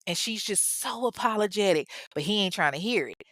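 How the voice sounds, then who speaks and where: A woman's voice: mid-range voice, animated, fairly quick, fairly bright tone, no room sound. A woman with children telling a true crime story in a casual, blunt and profane way, full of sarcasm. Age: adult parent.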